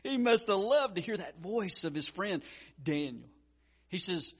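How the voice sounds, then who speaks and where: Animated preaching man, swinging loud to hushed. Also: high voice, unhurried, breathy edge. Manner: frequent stammered restarts. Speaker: pastor. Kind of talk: sermon.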